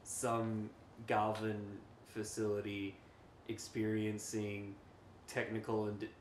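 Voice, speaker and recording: A man talks through his character's actions in a tabletop game, often laughing as he goes. His voice is a bit low, and an echoey room with faint noise surrounds it. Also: takes it slowly. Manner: laughing, animated planning. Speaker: player.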